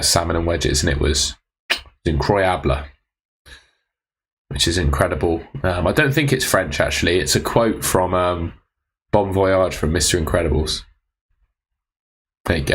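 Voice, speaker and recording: A man's voice: sits low, a bit bright, slight background noise. A young man casually answering viewers' fantasy football questions on a live stream, laid-back and teasing.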